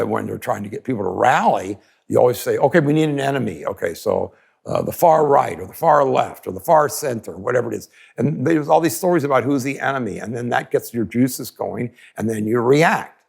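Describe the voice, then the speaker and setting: Gravelly, animated man teaching. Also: mid-range voice. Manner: emphatic, acts out quoted people in raised voices. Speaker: podcast speaker teaching energy healing.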